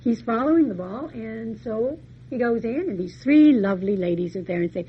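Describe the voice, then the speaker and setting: A woman's voice: on the high side, lively intonation, moderate pace. Woman lecturer, storytelling lecture, folksy chatty asides, slightly dull recording, faint hiss.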